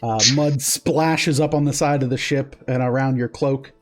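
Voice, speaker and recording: A man's voice: mid-range voice, steady tone, normal speed, soft background music. A man narrating a tabletop game as game master, descriptive, with many fillers and self-corrections.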